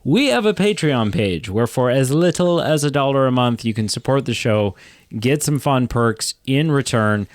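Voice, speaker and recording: A man co-hosting a casual podcast chat, chatty and self-deprecating, talking through rapid runs. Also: medium pitch, lively intonation, no room sound, studio quality. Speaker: podcast co-host.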